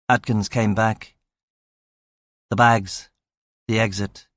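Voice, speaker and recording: A man reading a crime novel in the first person, in a measured, dry, matter-of-fact way. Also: medium pitch, steady tone, dry recording. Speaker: audiobook narrator. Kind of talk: scripted first-person audiobook narration.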